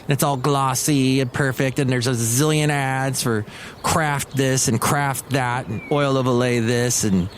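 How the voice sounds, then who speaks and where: A man hosting his own solo podcast, rambling in a casual, excitable, grumpy joking manner. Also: mid-range voice, unhurried, slight background noise. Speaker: podcast host.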